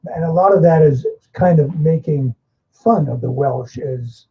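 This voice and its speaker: A man's voice: on the high side, unhurried. A man in the audience asking a question at a seminar, chatty and hesitant. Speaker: audience member. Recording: muffled live recording.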